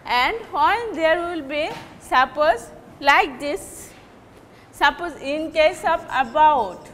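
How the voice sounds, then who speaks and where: A woman teacher with a Bangladeshi accent giving a recorded English lecture, repeating and stressing example words deliberately. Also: high voice, expressive, fairly bright tone, in a large hall, a little hiss or hum.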